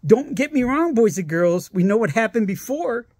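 A man's voice: high-pitched, big pitch swings, moderate pace, a little mellow, no room sound, clean studio sound. A man ranting in a vlog, exasperated and sarcastic, swearing freely as he complains. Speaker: vlogger.

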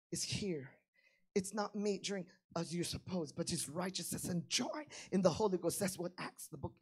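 A woman preaching a sermon, swinging between hushed lines and loud emphatic ones, acting out little everyday dialogues. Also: mid-range voice, slightly rough. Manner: acts out little dialogues in plain voices.

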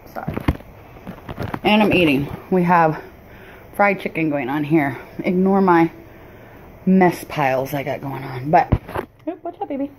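Speaking in a low voice over a slight hiss or hum, a woman rambles through a haul vlog in her cluttered home. She keeps apologizing, pausing, and starting over as she chats.

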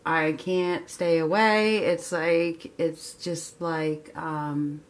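Excitable woman doing a tarot reading. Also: low-pitched, drawn-out words. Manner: excitable, laughing, chatty with fillers. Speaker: tarot reader.

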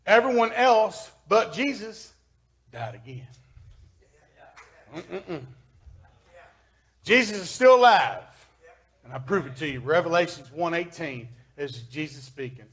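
A man with a Southern US accent preaching a sermon in church, folksy, reading scripture and swinging between loud emphasis and quiet asides. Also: a little high, lively intonation, unhurried, pauses often. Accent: Kentucky Southern US.

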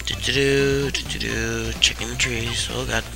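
A tired young man giving casual, sarcastic commentary while playing a video game, swearing freely in a deadpan way. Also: medium pitch, a little slow, gravelly. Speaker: let's play commentator. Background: game music.

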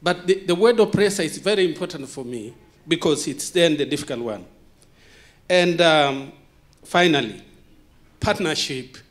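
A man with a first language other than English gives an impassioned conference talk, full of repeated rhetorical questions and dramatic pauses. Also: fairly high pitch. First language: not English. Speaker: conference speaker. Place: conference hall.

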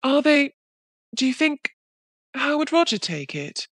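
A woman voices a timid, devoted young woman, sounding pleading and shy. Her medium-pitched voice, pushed up but close to her everyday sound, swings widely in pitch at a moderate pace, recorded dry with studio quality.

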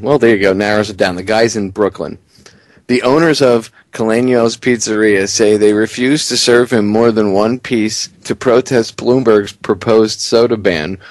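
A man hosting a talk radio show, giving excitable, indignant commentary and reading a story aloud with chuckles. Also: fairly low pitch, no room sound.

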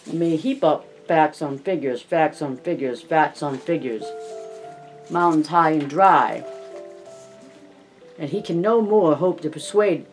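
A man reading an audiobook, voicing a sour gentleman who lectures sharply on economics and groans with exasperation. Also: a little high, measured pace, pauses often, soft background music, low-quality recording. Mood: exasperated.

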